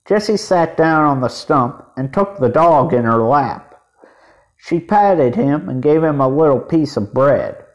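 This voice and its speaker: A man reading a children's chapter book aloud, expressive and voicing the children. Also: on the high side, a little slow. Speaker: podcast reader.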